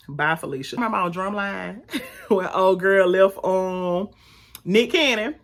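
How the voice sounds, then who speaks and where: A woman reviewing a TV episode in a casual, animated, sassy way, talking straight to her viewers. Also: medium pitch, moderate pace. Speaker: YouTube reviewer.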